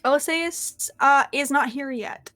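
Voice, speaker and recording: A woman's voice: high voice, unhurried, fairly bright tone, dry recording, soft background music. A young woman narrating a tabletop game as game master, rambling through descriptions with many fillers.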